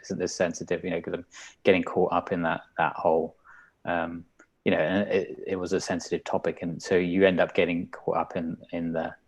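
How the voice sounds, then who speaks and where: A man co-hosting a coaching podcast, talking in a halting, reflective way full of "um" and "you know". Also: low-pitched, little pitch movement. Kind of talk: casual reflective conversation.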